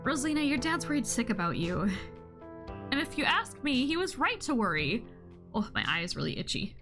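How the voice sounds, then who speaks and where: A woman's voice: a little high, sing-song, brisk, a bit bright, soft background music. A woman voicing a bossy, protective store-owner older sister in a visual novel, with an exasperated scolding manner.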